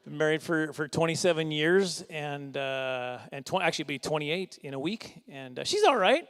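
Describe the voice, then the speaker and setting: A middle-aged man performs stand-up at a fundraising dinner. His voice sits high, and he rambles through his stories. He keeps mocking himself with quick chuckling asides. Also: animated, fairly bright tone, clear, resonant tone. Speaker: stand-up comedian. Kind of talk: stand-up comedy set.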